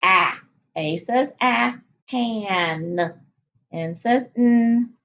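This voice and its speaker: A woman teacher leading a phonics lesson for young children, cheerfully sounding out letters and words slowly. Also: mid-range voice, muffled recording. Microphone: recorded at a whiteboard.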